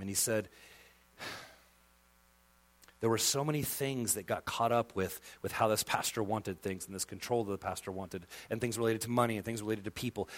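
A male pastor preaching a sermon with passion, dropping to a hush and then rising to loud emphasis. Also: lowish voice. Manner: impassioned, swings from hushed to loud emphasis.

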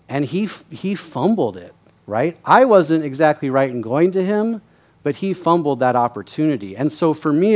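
Male pastor, mid-pitched voice, conversational sermon storytelling, candid and self-deprecating, animated. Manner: candid, self-deprecating, chatty with frequent "right?" asides; lively, rising in pitch and volume when excited.

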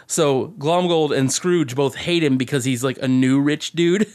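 A man's voice: medium pitch, a little slow, a little mellow. A man co-hosting a podcast, telling rambling stories in casual chat with lots of swearing and laughter. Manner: rambling, profane, laughing storyteller. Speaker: podcast co-host.

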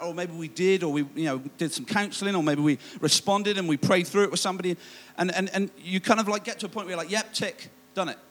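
A man's voice: high voice, a bit bright. A man preaching a sermon, telling a self-mocking personal story with many restarts and asides. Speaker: pastor.

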